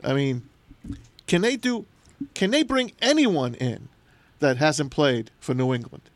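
A man hosting a casual sports talk show, chatting with animated, teasing banter. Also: a little high, unhurried, no echo.

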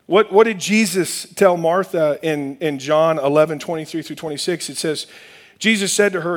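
A man's voice: fairly high pitch, brisk. A man, a pastor giving a conversational sermon and reading scripture aloud.

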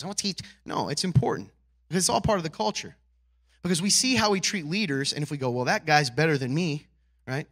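A man preaching a sermon as a pastor, talking conversationally and often checking in with "right?" and "okay?", then building to emphatic, louder peaks. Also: mid-range voice.

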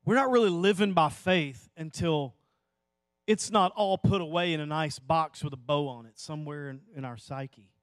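A man preaching a sermon to a church audience, telling a personal story that swells into impassioned pleading and drops to hushed, slow emphasis. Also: on the high side, no echo. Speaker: pastor.

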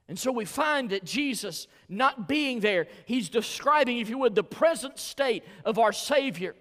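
Southern male pastor, high and animated voice, preaching in rhythmic swells, long church-hall reverb. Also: measured pace, hardly any pauses. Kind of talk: sermon.

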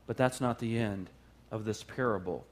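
A male pastor preaching a sermon, retelling a parable with animated, repetitive emphasis. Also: on the low side, moderate pace.

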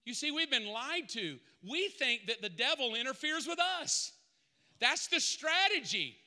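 A man preaching a sermon as pastor in a church, building from quiet asides to loud preaching. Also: extremely high pitch, very animated, measured pace, big-room sound. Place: church sanctuary.

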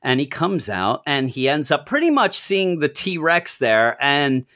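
A married man casually reviewing a comic book with a co-host, lively, acting out bits of dialogue in bursts. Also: measured pace. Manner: animated, acts out quoted lines in jumps of pitch.

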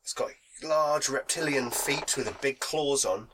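A man's voice: medium pitch, unhurried, noisy background. A man with a cold, narrating a tabletop game as game master, chatty and laughing as he describes scenes. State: has a cold.

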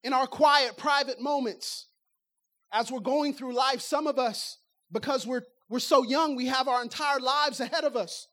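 A woman preaching a lively sermon in a conversational way, firing rhetorical questions at the congregation and acting out everyday talk to make her points. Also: high-pitched, measured pace.

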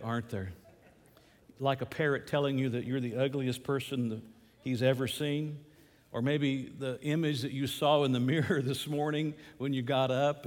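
A man's voice: medium pitch, a little mellow, big-room sound. A man preaching a sermon, opening with a folksy storytelling joke before turning to thanksgiving. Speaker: pastor.

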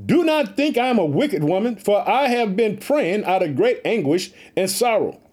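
A man's voice: high voice, very animated, moderate pace, a little mellow. A man voicing a distressed, earnest woman pleading that she is not drunk but praying.

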